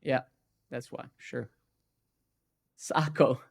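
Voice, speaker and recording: A man of ordinary pitch chats on a live coding stream. He rants with plenty of swearing and constant "right?" and "man". Between rants he mutters softly to himself as he fixes his code. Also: steady tone, extremely slow, vocal fry, a little hiss or hum. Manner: profane, ranting, keeps tagging "right?" and "man"; drops into quiet muttering while debugging. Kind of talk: casual live-stream rant while coding.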